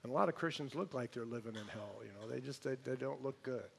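A man preaching a sermon, telling a story in an animated way and praying. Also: mid-range voice, fast, creaky, slight background noise. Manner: storytelling, animated, imitates voices.

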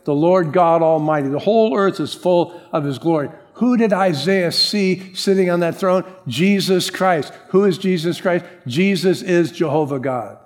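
Animated preaching man. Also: sits high, normal speed, few pauses. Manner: animated preaching, acting out quotes. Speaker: pastor. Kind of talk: sermon.

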